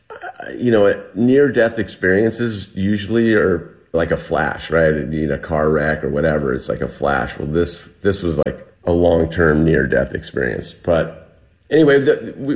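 Middle-aged man, very low voice, guest recounting an ordeal, lively quoted shouts. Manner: animated retelling, acts out shouted quotes. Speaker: guest telling a survival story. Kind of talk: conversational storytelling.

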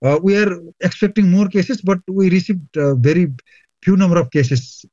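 A man from Nepal, a hospital medical superintendent, answering interview questions haltingly with many fillers. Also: sits high, mellow, dry recording. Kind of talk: phone interview. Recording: dull lo-fi line, dry.

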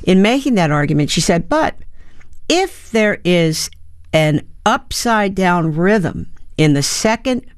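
A woman's voice: on the low side, very animated, slow, dry recording, clean studio sound. A woman in her seventies, an actor and playwright, answering interview questions in a reflective, storytelling way with fillers and restarts. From United States. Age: 70s.

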